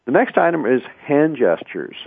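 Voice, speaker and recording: A man's voice: mid-range voice, big pitch swings, moderate pace, vocal fry, slightly rough, dry recording. A man hosting a radio talk show, giving conversational advice on public speaking and often restarting words. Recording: tinny phone-like radio sound.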